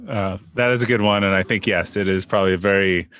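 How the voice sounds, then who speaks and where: A man hosting a podcast interview, relaxed and chatty, often repeating words as he starts a sentence. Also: low voice, fast, clean tone, no room sound. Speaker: podcast host. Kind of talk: casual interview conversation.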